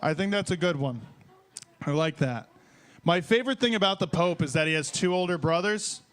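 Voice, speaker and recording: A young man from Detroit doing a profane, excitable, rambling stand-up set on stage at a small bar open mic. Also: high voice, normal speed.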